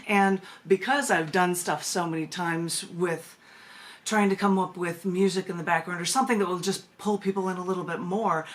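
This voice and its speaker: A woman with a lowish voice talks casually as a poet and performance artist, joining the interview over a video call. She laughs easily and often restarts a phrase before finishing it. She also reads her own poems aloud. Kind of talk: casual interview talk and poetry reading.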